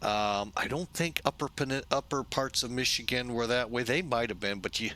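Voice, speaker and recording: A man's voice: mid-range voice, normal speed, few pauses, bright, forceful tone. A man from St. Louis hosting a flight-sim video, narrating casually with rambling asides, jokes and self-corrections. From St. Louis, USA.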